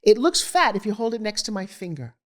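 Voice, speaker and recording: A woman's voice: mid-range voice, sing-song, fairly quick. A middle-aged woman, a guest in an interview, telling her life story candidly and animatedly, acting out the voices of people she quotes.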